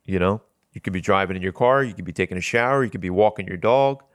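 A man's voice: low-pitched, quick pace, no echo, clean studio sound. A man hosting a Christian talk show, preaching in an earnest, conversational way and often repeating his first words as he starts a thought.

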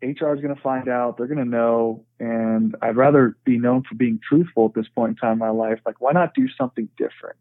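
A man in the middle of a frank, earnest story, speaking at an ordinary pitch and leaning on "you know" as he goes. The sound is narrow and tinny, like a phone line, and bone-dry with no room around it. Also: a little fast, few pauses, dry recording. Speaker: podcast guest. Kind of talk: conversational storytelling.

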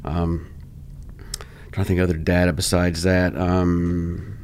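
A man who is the state's flood insurance program coordinator, speaking as a guest in a measured, hesitant way with many fillers. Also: low voice, monotone, darkish tone, clean tone. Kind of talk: casual conversational interview.

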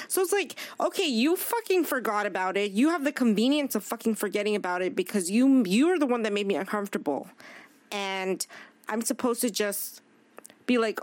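A woman's voice: on the high side, lively intonation, a little fast, a little mellow, no room sound. A woman chatting casually on a podcast, speaking candidly, swearing freely and acting out what others said. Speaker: podcast guest; chef. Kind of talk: casual chat.

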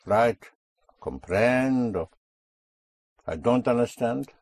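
A man's voice: on the low side, lively intonation, slow, darkish tone, breathy edge, no room sound. A man teaching a language class, patiently drilling words and correcting pronunciation.

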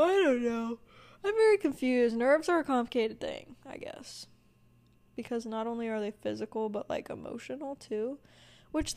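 A woman's voice: a little high, darkish tone. Rambling Southern young woman podcaster. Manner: rambling, filler-heavy, self-deprecating. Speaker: podcast host. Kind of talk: casual solo podcast chat.

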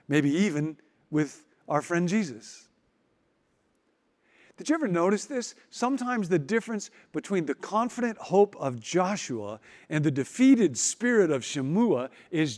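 A man preaching a sermon with wry humor and emphatic, dramatic pauses. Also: a little high, in a large hall. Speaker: pastor.

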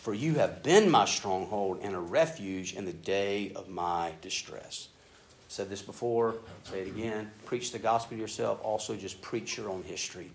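A man preaching a sermon in a casual, animated way, acting out prayers in an excited voice. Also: fairly low pitch, normal speed. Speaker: pastor. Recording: echoey room with faint ambient noise.

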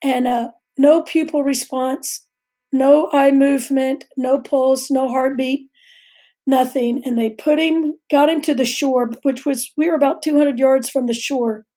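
A woman's voice: sits high, fairly even intonation, a little slow, dark tone. A middle-aged woman earnestly telling a vivid personal story as a guest on a faith talk show.

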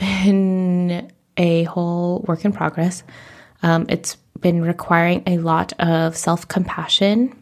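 A woman's voice: fairly low pitch, a little mellow. A woman in her thirties hosting a podcast, talking candidly and emotionally about herself, close to tears at times. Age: 30s. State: teary. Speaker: podcast host. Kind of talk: reflective personal monologue.

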